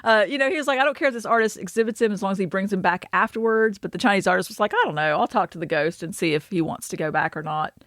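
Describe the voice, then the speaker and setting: A woman co-hosting a paranormal-news podcast in an easy, conversational way, often laughing and trailing off with "uh" and "like". Her voice sits at an ordinary pitch. It is recorded close and dry, with no room sound. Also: rapid-fire, few pauses, fairly bright tone, dry recording. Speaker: podcast co-host. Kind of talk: casual podcast chat.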